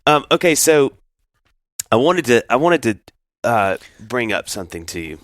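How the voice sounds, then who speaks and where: A man co-hosting a podcast, telling stories in a casual chat with an animated delivery and lots of restarts. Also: medium pitch, moderate pace, dry recording, clean studio sound. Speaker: podcast co-host.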